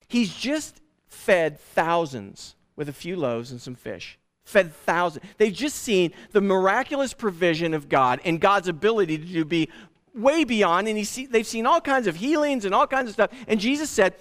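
A man preaching a sermon as pastor, in an animated, conversational way with frequent restarts. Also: high voice, moderate pace.

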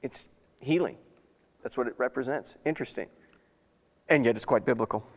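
A man's voice: mid-range voice, moderate pace, in a large hall. A man preaching a sermon as pastor, reading scripture and breaking into folksy, chatty asides.

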